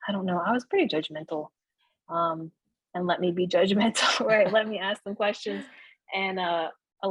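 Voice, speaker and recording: A woman speaks candidly as an interview guest, her low voice slightly husky. She talks in an animated, conversational way and checks in with "right?" as she goes. The sound is dry and close. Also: no echo, low-quality recording. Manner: animated, frequent "right?" tags and laughs. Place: Florida.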